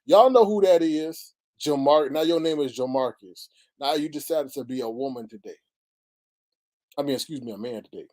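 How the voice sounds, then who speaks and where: A man's voice: on the high side, moderate pace, a little mellow. A man hosting a casual livestream, exclaiming, sighing and greeting his chat viewers. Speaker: livestream host.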